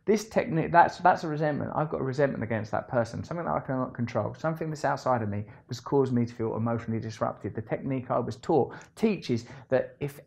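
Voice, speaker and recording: A man telling a rambling storytime monologue, animated and self-deprecating, swinging between loud bursts and low asides. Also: quick pace, vocal fry, hardly any pauses. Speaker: vlogger.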